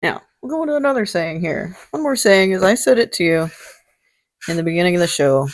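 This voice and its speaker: A woman's voice: on the low side, expressive, fairly quick. A woman hosting a casual vlog, talking in a jokey, salty way and swearing freely. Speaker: host. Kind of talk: casual chat.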